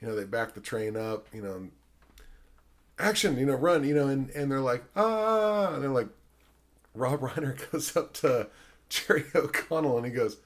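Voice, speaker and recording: A man in mid-pitch range hosts a relaxed film chat. He rambles through fillers, swears freely, and breaks into animated voices when he retells a story. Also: brisk. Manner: acts out quotes in animated voices. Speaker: podcast host. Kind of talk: casual film discussion.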